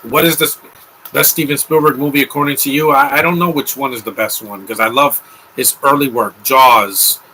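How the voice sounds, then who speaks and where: A man's voice: mid-range voice, steady tone, moderate pace, sharp tone, a little hiss or hum, rough recording. A young man hosting a live movie commentary, talking in an offhand, rambling way with opinionated asides.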